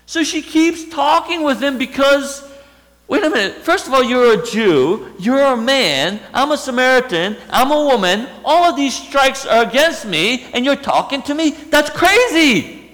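A man's voice: very high-pitched, takes it slowly, few pauses, bright, forceful tone, pitched above the performer's own voice, heavily acted. A man voicing an ashamed outcast woman who speaks in an incredulous, pleading way, recorded with long hall reverb.

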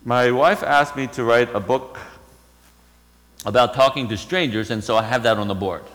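A man's voice: mid-range voice, normal speed, a bit bright, long reverb tail, rough recording. A man preaching a sermon, retelling a story and asking rhetorical questions.

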